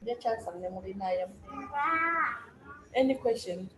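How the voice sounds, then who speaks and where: A woman's voice: medium pitch, normal speed, background noise. Brief: woman facilitator, mixes English and Swahili, restarts sentences, recorded in an echoey room with faint ambience. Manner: switches between English and Swahili, restarts often. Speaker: session facilitator and interpreter. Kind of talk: workshop moderation.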